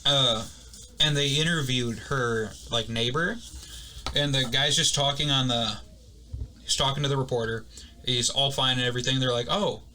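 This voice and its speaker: A young man co-hosting a casual podcast, rambling through stories with quick asides and acted-out quotes. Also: medium pitch, fairly even intonation, bright, forceful tone, slight background noise. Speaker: podcast co-host. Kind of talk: casual chat.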